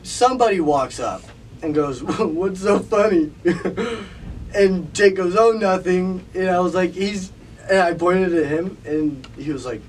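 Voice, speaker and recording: A man's voice: high voice, unhurried, slight background noise. A man telling a funny story on a casual podcast, laughing often, picked up only by a camera microphone. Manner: animated storyteller, laughs a lot. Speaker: podcast host. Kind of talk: casual chat. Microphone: camera mic. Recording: distant camera audio.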